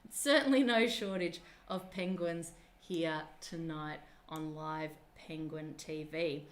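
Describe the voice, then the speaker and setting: A woman's voice: low-pitched, takes it slowly, a little hiss or hum. Chatty upbeat woman presenter. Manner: chatty and upbeat, talking to children watching. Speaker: live-stream presenter at a penguin nature park. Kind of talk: casual live-stream commentary.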